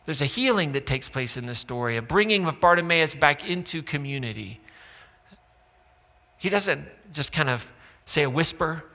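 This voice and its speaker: A man's voice: on the high side, expressive, moderate pace, pushed and bright. A pastor preaching a sermon in a church, conversational and sarcastic, acting out quotes from the stories he tells. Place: church auditorium. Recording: long hall reverb.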